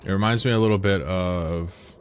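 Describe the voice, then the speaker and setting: A man with a low voice streams a game and chats casually with his viewers. He is laid-back and profane, and he drags his words out slowly when he admires something. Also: slight background noise. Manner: laid-back, profane, answers chat aloud. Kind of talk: casual livestream chat.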